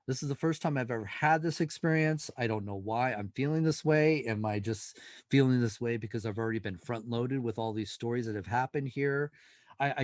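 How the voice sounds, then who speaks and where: A male paranormal investigator appears as an interview guest, telling a story with animation and acting out the dialogue. His voice is mid-range, with no echo.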